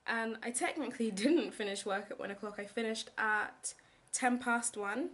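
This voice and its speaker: A young adult woman who vlogs about teaching abroad chats casually in her home kitchen, rambling with lots of fillers. Her voice sits on the high side, a bit bright, at a moderate pace.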